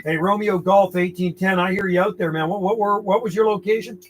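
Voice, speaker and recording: Man, CB operator, high voice, friendly call-sign chatter, loud static behind. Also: fairly even intonation, brisk. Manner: friendly, repeats call signs, easygoing chatter. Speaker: CB radio operator. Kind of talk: radio calling with call signs.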